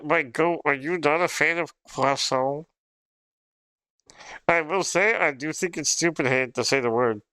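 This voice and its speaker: A man's voice: fairly high pitch, bright, forceful tone, clean tone, dry recording. A young man livestreaming in casual chat, rambling and swearing with frequent laughs. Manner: rambling, profane, laughs often.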